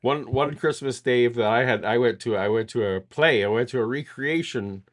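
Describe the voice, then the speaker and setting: A man's voice: mid-range voice, moderate pace. A middle-aged man co-hosting a casual chat, telling a long self-deprecating story full of restarts. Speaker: podcast co-host.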